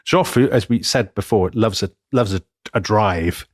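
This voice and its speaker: A man's voice: fairly low pitch, unhurried, no echo, studio quality. A man co-hosting a history podcast, retelling events dramatically with frequent laughs. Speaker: podcast co-host. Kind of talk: casual history podcast storytelling.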